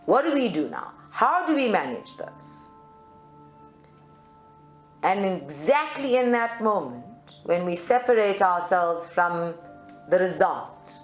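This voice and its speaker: Spiritual group leader, woman from South Africa, reflective live talk, roomy sound, faint music bed. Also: fairly low pitch. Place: meditation centre room.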